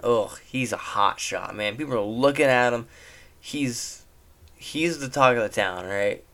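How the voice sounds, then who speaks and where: A young man giving a casual, rambling recap of a movie, animated and laughing at the jokes. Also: medium pitch, moderate pace.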